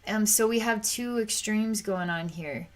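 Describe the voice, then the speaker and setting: Woman, psychic reader, narrating a vision, soft, halting, restarts often, mid-pitched. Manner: halting and searching, with frequent restarts.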